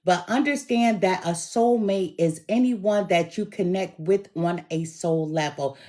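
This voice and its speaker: Slow, hoarse woman reading tarot. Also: lowish voice, mellow. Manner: slow, emphatic, encouraging. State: hoarse from bronchitis, coughing. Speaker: tarot reader.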